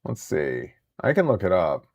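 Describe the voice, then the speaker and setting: A man in his thirties hosting a live card break stream, chatting excitedly with viewers in the chat. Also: sits low, moderate pace.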